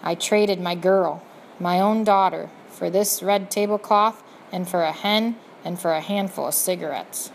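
Woman playing a remorseful old male prisoner, storybook, rough plain speech, sniffing, faint background noise. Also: on the low side, a little slow.

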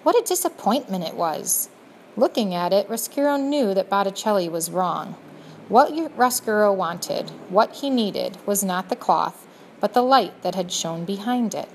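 A woman narrates a storybook aloud, turning now and then to speak straight to the reader. Her voice sits at an ordinary middle pitch, and a faint noise hums under the reading. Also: normal speed, rough recording. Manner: addresses the listener directly, gently expressive. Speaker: audiobook narrator.

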